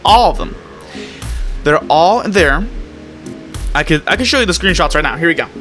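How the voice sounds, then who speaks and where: A man's voice: a little high, animated, moderate pace, a bit bright, soft background music. A man talking casually about his animation projects, rambling with plenty of fillers and restarts. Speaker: animation creator and vlogger. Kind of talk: casual vlog talk.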